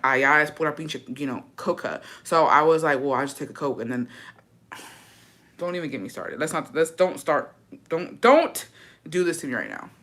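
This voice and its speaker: Sitting low with a fairly bright tone, a woman's voice carries a casual vlog chat to camera. She addresses her viewers with profanity and drama, tossing Spanish phrases into her English.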